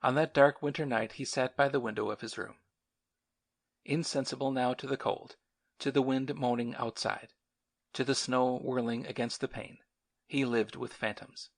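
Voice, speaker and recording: A man narrating a novel as an audiobook in a measured, sombre manner. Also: medium pitch, steady tone. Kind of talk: scripted narration.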